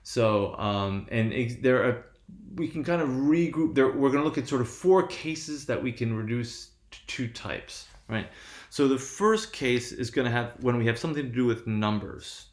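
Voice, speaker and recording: A man's voice: mid-range voice, moderate pace, roomy sound. A male lecturer teaching a lesson, explaining step by step with frequent "right?" checks and self-corrections. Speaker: linguistics lecturer. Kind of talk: classroom lecture on stress patterns.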